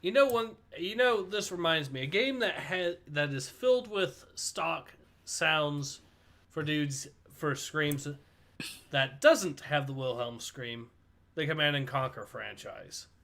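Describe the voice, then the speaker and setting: A man co-hosts a relaxed livestream, reading viewer comments aloud. His voice is bright and slightly raised in pitch. He sounds easygoing and conversational. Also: takes it slowly. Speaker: livestream co-host. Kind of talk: casual chat.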